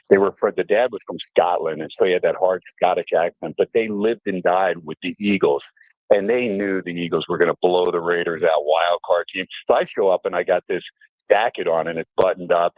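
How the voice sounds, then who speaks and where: Middle-aged radio guest, chatty storyteller, dry and phone-thin. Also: male voice, low voice, no room sound. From New Jersey. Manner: animated storyteller, fillers, mimics voices. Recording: tinny phone-line audio.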